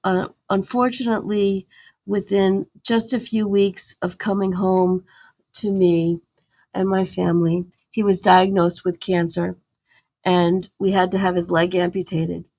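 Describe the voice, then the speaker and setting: A woman's voice: medium pitch, measured pace. Earnest woman campaigner telling a story. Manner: earnest, animated, with fillers and restarts. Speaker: animal welfare campaigner, guest. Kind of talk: conversational interview storytelling.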